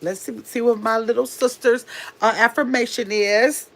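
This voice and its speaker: A woman hosting a casual live stream, chatting quickly and reading viewer comments aloud as she answers them. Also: on the high side, fairly even intonation, fairly bright tone. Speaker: livestream host.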